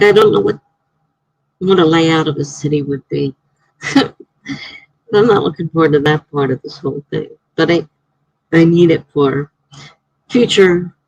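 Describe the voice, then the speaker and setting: Chatty woman with a gravelly, husky voice. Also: low-pitched, dry recording, rough recording. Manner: rambling and chatty, laughs often. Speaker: writer hosting a live stream. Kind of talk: casual live-stream chat.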